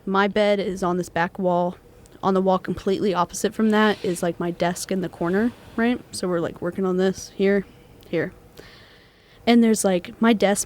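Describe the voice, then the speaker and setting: A young woman, co-hosting a student podcast and telling a ghost story in casual chat, full of fillers. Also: medium pitch. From Texas. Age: young adult. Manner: animated storyteller, many fillers, acts out quoted voices.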